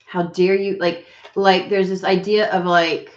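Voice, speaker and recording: A woman doing a casual tarot reading chats and reads cards in a lower, fairly flat voice at a measured pace. Sniffly and recovering her voice, she rambles, swears, and uses many fillers, in an echoey room that gives the recording a roomy, dull lo-fi sound.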